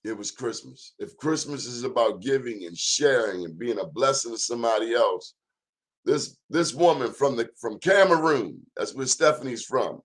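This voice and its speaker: Male talk-show host; blunt, sermon-style delivery. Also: mid-range voice. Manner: emphatic, sermon-like, plainspoken and blunt. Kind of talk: preachy talk-show monologue.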